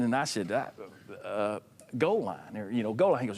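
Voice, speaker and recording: A man's voice: mid-range voice, fast. A former college football offensive lineman telling funny stories about his old coach at a players' reunion. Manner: animated, laughing anecdotes. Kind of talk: casual reunion storytelling.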